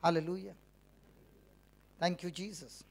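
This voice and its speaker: A high-voiced man delivers a sermon to a church gathering. He speaks in a loose, conversational way and keeps teasing his listeners with direct questions. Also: fairly even intonation, measured pace, gravelly. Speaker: preacher. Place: church meeting.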